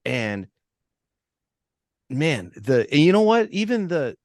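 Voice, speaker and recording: In a studio-quality recording with no echo, a man with a slightly high, very animated voice co-hosts a podcast, speaking slowly. He chats casually about horror movies, rambling with lots of fillers and frequently restarting his sentences.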